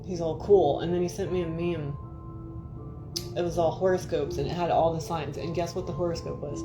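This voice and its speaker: A woman's voice: deep voice, steady tone, fairly quick. Woman, livestream host, rambling chatty stories, frequent swearing, faint music behind. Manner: rambling, profane, addresses viewers by name. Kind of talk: casual livestream chat and storytelling.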